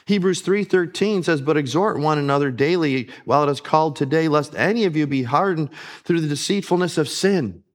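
A man preaching a sermon, earnest, rising on emphasis and dropping soft and low on solemn lines. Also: a little fast.

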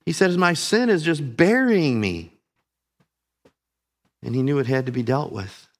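A man preaching a sermon, earnest, rising on emphasis and dropping soft and low on solemn lines. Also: animated, measured pace.

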